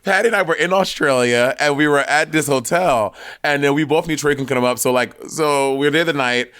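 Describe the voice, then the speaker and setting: A man's voice: on the high side, a little fast, fairly bright tone, clean tone. A man co-hosting a podcast, telling sassy, dramatic stories in casual chat. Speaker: podcast co-host.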